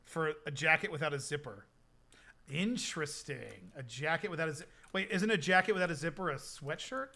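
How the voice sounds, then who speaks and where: A man's voice: a little high, lively intonation, a little fast, gravelly, pushed and bright. A young man chatting casually with his stream chat, rambling with lots of fillers. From United States.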